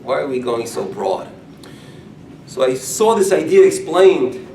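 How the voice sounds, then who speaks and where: Storytelling rabbi in an echoey room. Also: male voice, medium pitch, a little slow, a little hiss or hum. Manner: storytelling, animated and humorous. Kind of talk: informal talk to a group. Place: room with curtains. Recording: echoey room, mic from far off.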